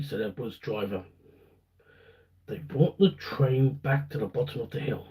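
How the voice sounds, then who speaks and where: A man narrating a children's storybook aloud on a livestream, unhurried and animated. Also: mid-range voice, low-quality recording.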